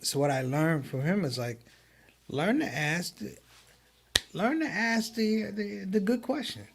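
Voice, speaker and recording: A man who is a comedian, a guest on a live online show, telling stories in an animated way and quoting others in a raised voice. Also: high voice, unhurried, creaky, background noise. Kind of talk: livestream conversation.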